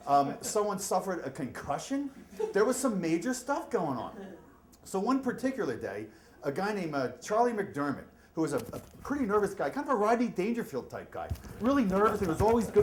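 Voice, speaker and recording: A middle-aged man telling a story live on stage, acting out shouts and voices as he goes. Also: high voice. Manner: animated, acts out shouts and voices. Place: storytelling event venue. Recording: echoey room, faint ambience.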